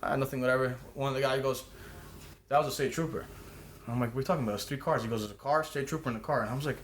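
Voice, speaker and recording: Fast-talking man spinning a profane story. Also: mid-range voice, a little hiss or hum. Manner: profane, rambling, many restarts. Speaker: podcast guest. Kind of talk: casual storytelling. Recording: roomy echo.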